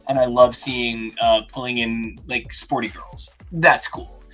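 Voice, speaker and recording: A man co-hosting a casual reaction chat, talking in animated bursts of rapid-fire questions and mock outrage. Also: medium pitch, soft background music. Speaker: podcast co-host.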